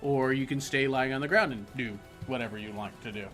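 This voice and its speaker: A man's voice: medium pitch, a little fast, fairly bright tone, faint music behind. A man acting as game master, explaining rules and describing the scene with a playful, teasing manner. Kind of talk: narrating a tabletop game online.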